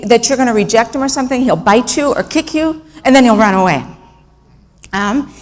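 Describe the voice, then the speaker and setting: A middle-aged woman giving a missionary talk with slides, telling stories in an earnest, emotional way with fillers and restarts. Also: sits high. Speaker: missionary speaker. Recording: long reverb in a hall.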